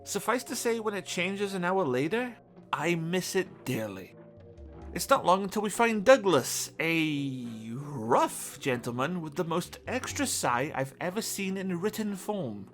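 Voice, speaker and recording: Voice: medium pitch, fairly bright tone. A video game reviewer reading a scripted review voice-over with dry, wry humor. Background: faint game music.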